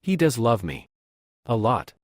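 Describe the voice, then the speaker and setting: A man's voice: medium pitch, big pitch swings, a little slow, darkish tone, no room sound, studio quality. A man reading as a flustered young princess. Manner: exclaiming, flustered. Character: flustered young princess girl, prone to blushing.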